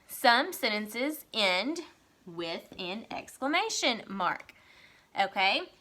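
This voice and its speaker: A woman teaching young children a writing lesson, speaking slowly and clearly and reading example sentences aloud with a lively, excited voice. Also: medium pitch.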